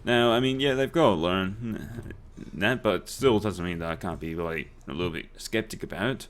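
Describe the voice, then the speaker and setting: Here a young man with a lower voice speaks at a normal pace. He's a let's play host whose casual gameplay storytelling is full of cursing and laughter.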